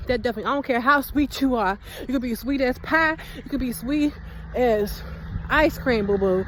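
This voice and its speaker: A young woman giving casual vlog advice in an animated, chatty, slangy way. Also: sits high, background noise. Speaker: hair vlogger. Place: outdoors walking.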